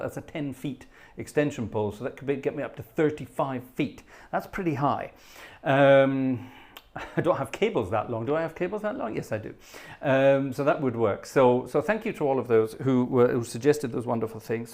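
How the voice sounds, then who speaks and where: A man's voice: mid-range voice, a little mellow. A man in his fifties hosting a live stream as an organist, chatting casually and reading out viewer messages with wry, rambling asides. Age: 50s. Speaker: livestream host and organist.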